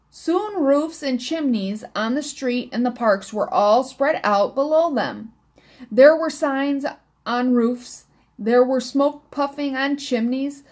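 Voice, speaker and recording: A woman reading a children's book aloud, slow and careful, now and then stumbling and rereading words. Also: high voice. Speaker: storybook reader.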